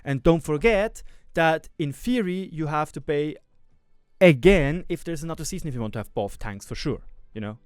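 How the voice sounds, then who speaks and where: A man's voice: a little high, lively intonation, normal speed, smooth, no room sound, clean studio sound, faint music behind. A man, a gaming video maker, ranting with frustration and swearing, repeating himself as he vents. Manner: frustrated, profane, repetitive ranting. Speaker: gaming YouTuber. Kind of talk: ranting commentary.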